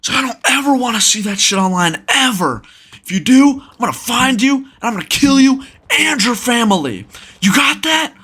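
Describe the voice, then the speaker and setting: A man's voice: extremely high pitch, lively intonation, moderate pace, breathy edge, voice pushed up, full character voice. A man putting on a huge furious redneck. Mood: menacing shouting. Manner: yelling threats, menacing.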